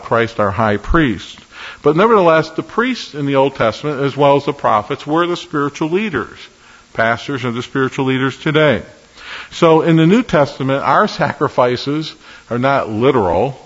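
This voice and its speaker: A man preaching an earnest, emphatic sermon with measured pauses as a pastor. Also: medium pitch, fairly bright tone, long reverb tail, muffled recording.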